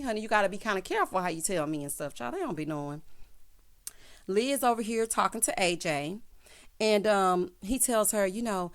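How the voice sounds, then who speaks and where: A woman's voice: medium pitch, expressive, fairly quick. A woman giving a sassy, chatty recap of a reality show, peppering her talk with "child" and "honey" asides and acting out what the cast said. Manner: acts out cast members' lines in shifting voices. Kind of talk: casual recap commentary.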